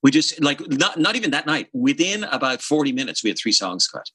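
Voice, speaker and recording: Guy in his 50s telling stories, swears a lot, bright voice, dry sound. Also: brisk, breathy edge, no echo, poor audio. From Ireland. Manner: animated, profane, hums bass lines. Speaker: guest session bassist. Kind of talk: casual storytelling interview.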